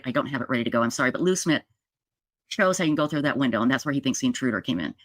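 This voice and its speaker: A woman's voice: deep voice, a bit bright, dry recording, studio quality. A middle-aged woman telling a story in a monologue, acting out the quoted dialogue with lots of animation. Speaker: true crime podcaster.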